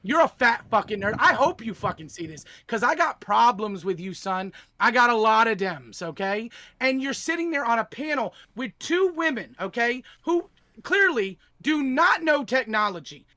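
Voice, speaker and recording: A man's voice: very high-pitched, big pitch swings, normal speed, bright, forceful tone, no echo. A man ranting profanely on a livestream panel, sneering and mocking the person he is angry at. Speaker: tech streamer on a panel. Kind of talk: livestream rant.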